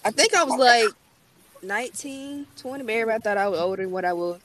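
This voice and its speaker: A woman's voice: on the high side, fast talker, rough recording. A woman speaking by phone on a livestream, giving a friend a tribute in slangy, joking talk with a bit of shade. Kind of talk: casual livestream chat.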